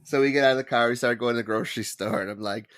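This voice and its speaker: A man hosting a casual podcast with a dry, teasing delivery. He tells stories in a relaxed way and ribs his co-hosts. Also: mid-range voice, racing. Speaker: podcast host. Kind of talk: casual chat.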